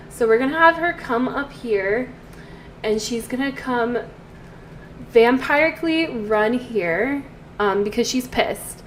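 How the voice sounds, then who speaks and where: A woman's voice: fairly high pitch, lively intonation, slow, a little hiss or hum. A woman giving casual commentary over a life-sim game, chatty and storytelling, with trailing fillers. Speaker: let's play host.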